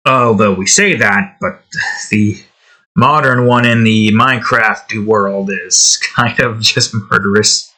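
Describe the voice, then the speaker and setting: A man's voice: on the low side, takes it slowly, pushed and bright. A young man chatting casually while he draws at home, rambling with lots of fillers and side comments. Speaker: digital artist and channel host. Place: at home indoors, with his cat nearby.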